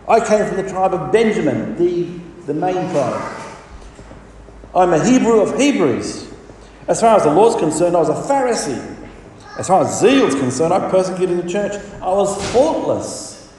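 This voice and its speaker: A man's voice: a little high, dark tone, a little hiss or hum. A man preaching a sermon with emphatic delivery and rhetorical questions. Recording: echoey hall from far off.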